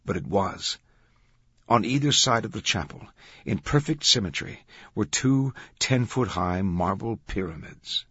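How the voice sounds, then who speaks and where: A man narrates an audiobook in a measured, dramatic way. His voice is very low and strongly husky. The recording is dry and slightly dull. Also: expressive, a bit bright, no echo. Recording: dull, dry studio sound.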